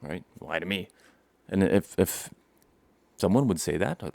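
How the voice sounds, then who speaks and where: A man's voice: low-pitched, expressive, a little slow, creaky, pauses often, a little mellow, dry recording. A young man casually telling a rambling childhood story to camera, acting out scenes and laughing often. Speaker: vlogger.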